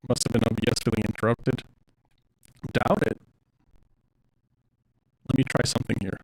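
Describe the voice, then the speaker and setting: A man's voice: medium pitch, flat delivery, normal speed, low-quality recording. A man streaming a game, casually muttering to himself as he troubleshoots. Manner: mutters menu items while troubleshooting. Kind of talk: casual gameplay commentary.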